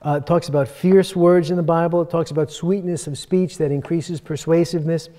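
A man's voice: fairly high pitch, fairly even intonation, brisk, mellow. A man giving a conference workshop talk, teaching earnestly and with emphasis, recorded in a conference hall. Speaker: workshop speaker. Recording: long hall reverb.

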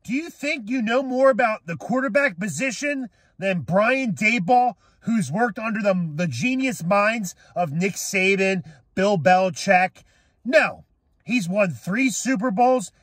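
Young guy ranting mad about his team, yells a lot, high pitched, dry close mic. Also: lively intonation, unhurried, no echo. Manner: angry, shouting, swearing. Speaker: sports fan vlogger. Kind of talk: profane rant to camera.

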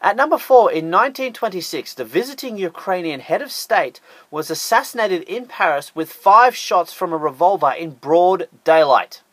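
A man's voice: high-pitched, animated, moderate pace, a bit bright, no room sound. An Australian man narrating a scripted top-ten list with sarcastic, jokey asides.

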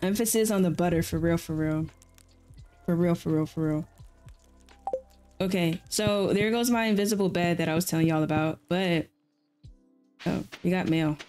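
A relaxed streamer talking to chat while gaming, easygoing and talkative, looping back on slang phrases. The voice sits at an unremarkable middle pitch. Faint music plays quietly in the background. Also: normal speed, long pauses. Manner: laid-back, chatty, repeats slang phrases.

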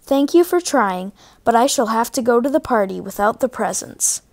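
A woman's voice: fairly high pitch, expressive, moderate pace, darkish tone. A woman voicing a kindly, flustered male village vicar in a storybook reading. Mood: dejected. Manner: fretful and exclaiming.

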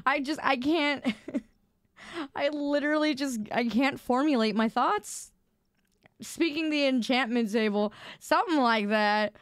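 Giggly young woman streamer, clear voice. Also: a little high, unhurried, no room sound, clean studio sound. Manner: giggly, rambling, self-mocking. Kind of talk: casual live-stream chat.

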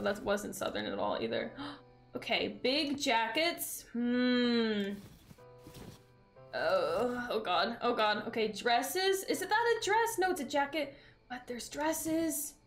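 A young adult woman streaming a game, chatting excitedly with her viewers as she plays. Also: fairly high pitch. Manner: bubbly, excitable, talks to chat while playing. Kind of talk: casual gaming stream chat.

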